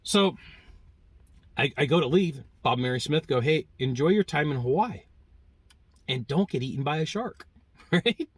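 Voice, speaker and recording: A man giving a casual spoken sales lesson, telling stories and acting out customers' lines with lively swings in voice. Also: on the high side, moderate pace, pauses often, breathy edge, no room sound. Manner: animated storytelling, acting out customer quotes. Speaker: sales trainer.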